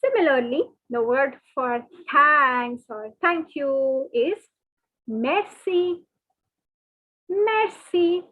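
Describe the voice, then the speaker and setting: High-voiced woman teaching patiently. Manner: patient, repeats each word slowly and often. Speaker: French teacher. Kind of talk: online language lesson. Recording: thin phone-like webinar audio.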